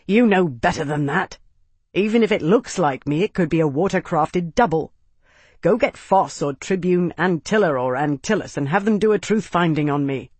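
A narrator voicing a young male army captain, calm and wryly confident, who talks in a calm drawl and now and then shouts an order. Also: on the high side, moderate pace, husky, dry recording.

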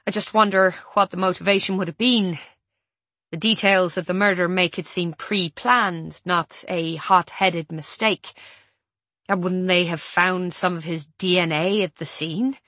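A woman's voice: fairly low pitch, unhurried, a bit bright, no echo. A woman voicing an insistent adult female friend who presses hard for answers, sounding exasperated.

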